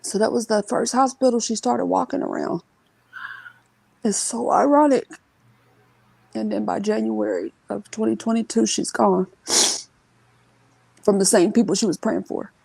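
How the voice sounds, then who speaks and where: A woman telling an emotional family story as an interview guest, earnest and halting, sometimes acting out what others said. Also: a little high, steady tone, vocal fry, mellow, slightly rough, dry recording, rough recording.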